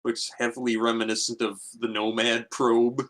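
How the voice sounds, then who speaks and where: A man chatting casually with friends, his thoughts rambling as he circles back and restarts sentences. His voice sits at an ordinary middle pitch. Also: completely flat delivery, normal speed, fairly bright tone, rough recording. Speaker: watch-along participant. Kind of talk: casual group chat over an episode.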